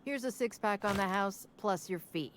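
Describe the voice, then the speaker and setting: A woman's voice: medium pitch, moderate pace, a bit bright, a little hiss or hum, lightly acted. An actress voicing a stern, weary female tavern keeper in a video game, firm and motherly.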